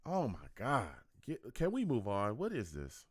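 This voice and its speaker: An excitable man hosting a live football draft reaction stream. His pitch jumps all over as he talks, and he keeps slipping into slangy, laughing banter. The sound is close and dry, with no room around it. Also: a little slow, no echo.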